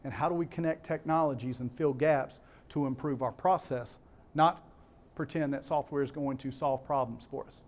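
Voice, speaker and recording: A man's voice: mid-range voice, moderate pace. A man with a Southern US accent giving a keynote talk to a live audience, emphatic, repeating key words and putting questions to the crowd. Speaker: conference speaker.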